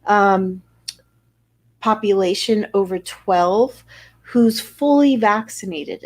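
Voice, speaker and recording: A woman's voice: medium pitch, a little slow, a little mellow. A woman physician with an American accent giving an informal weekly health briefing, talking over slides in a conversational way with fillers and restarts. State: a little out of breath.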